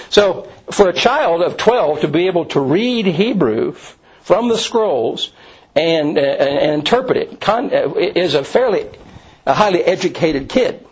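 A man's voice: fairly high pitch, slightly rough. A man teaching a Bible study class, explaining in a rambling way with many restarts and asides. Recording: dull lo-fi recording.

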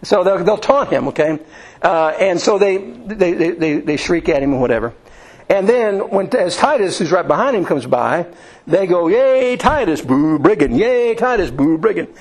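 Brief: male preacher, slightly higher voice, homespun storyteller, halting restarts, sermon delivery. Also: animated, poor audio. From Indiana, USA. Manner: folksy storytelling with many restarts and fillers.

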